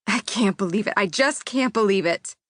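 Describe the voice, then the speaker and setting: A woman's voice: medium pitch, animated, normal speed, fairly bright tone, no room sound, studio quality. A woman voicing an emotional female morning radio co-host. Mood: shocked. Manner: dramatic disbelief, exclamatory.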